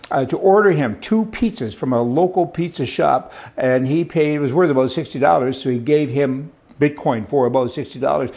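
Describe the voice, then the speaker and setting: Gravelly, blunt ranting man. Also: fairly high pitch, darkish tone. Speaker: commentator. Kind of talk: opinionated monologue.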